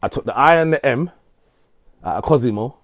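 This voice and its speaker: A man's voice: medium pitch, animated, fairly quick, no echo. A middle-aged man telling a long, rambling story in casual chat, full of street slang and repeated words. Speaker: interviewee.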